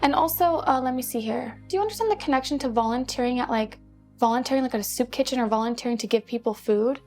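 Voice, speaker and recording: A woman's voice: fairly high pitch, quick pace, darkish tone, faint music behind. A woman working as a psychic medium, relaying messages in an effusive, affectionate way. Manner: effusive and affectionate, calls the sitter babe and my love. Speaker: psychic medium giving a reading. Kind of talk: spiritual reading, relaying messages.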